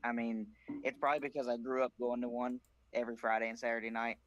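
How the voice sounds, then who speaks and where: A man's voice: medium pitch, little pitch movement, fast talker, a bit bright, no echo, muffled recording. A man from South Carolina, a racing crew chief, telling stories as a podcast guest with a plainspoken, dry humor. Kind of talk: casual podcast chat.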